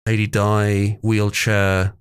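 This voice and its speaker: A man's voice: on the low side, completely flat delivery, slow, clear, resonant tone. A man hosting a live stream, teasing his guests in casual chat. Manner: teasing, joking. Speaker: stream host.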